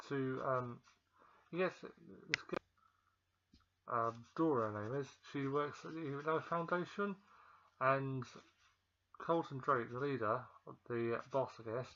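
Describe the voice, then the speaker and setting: A man talks through a film's plot in a loose, rambling way, full of ums and self-corrections. He is feeling ill. His voice sits in a middle pitch, and the recording sounds dull and lo-fi. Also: pushed and bright. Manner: rambling, with many ums and restarts. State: feeling ill, pausing to cough. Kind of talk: casual film recap.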